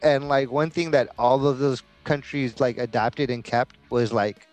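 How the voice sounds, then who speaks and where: A man's voice: mid-range voice, fairly even intonation, measured pace, faint music behind. A man from the United States co-hosting a podcast, telling rambling stories full of fillers and swearing in casual chat. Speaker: podcast co-host.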